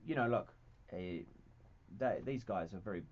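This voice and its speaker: A man with a New Zealand accent and a low voice that swings widely in pitch, trading dry deadpan jokes as a radio show guest. He pauses on ums before his punchlines, and the sound comes through a bit dull and muffled. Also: slight background noise. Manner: deadpan, dryly joking, hesitant with ums. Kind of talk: casual radio interview chat. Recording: slightly muffled broadcast audio.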